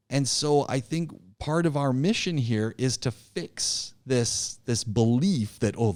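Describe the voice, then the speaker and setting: A man teaching an online public speaking class, talking in an animated, emphatic way, often repeating himself and restarting his sentences. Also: mid-range voice, dry recording. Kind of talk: live online class lecture.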